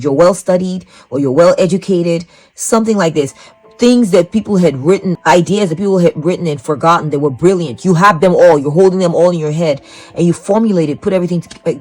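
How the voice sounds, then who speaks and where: A woman's voice: lowish voice, a little mellow, low-quality recording. A woman giving a psychic tarot reading to the viewer. She rambles, repeats herself and keeps encouraging the viewer. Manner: rambling, repetitive, encouraging, talks straight to the viewer. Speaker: tarot reader. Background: faint music.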